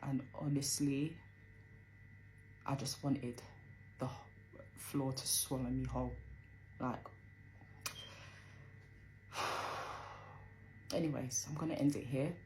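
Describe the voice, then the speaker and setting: A woman's voice: very deep voice, steady tone, takes it slowly, long pauses, noisy background. A young woman with a London accent telling a personal story in a casual, earnest way, full of fillers. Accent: London English. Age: young adult. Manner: colloquial, many fillers, earnest and emotional retelling.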